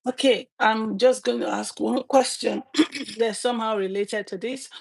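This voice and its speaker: A woman's voice: a little high, steady tone, a little slow, gravelly, a little mellow, husky, dry recording, poor audio. A woman interviewing a guest in a casual chat, asking short questions and adding brief acknowledgments.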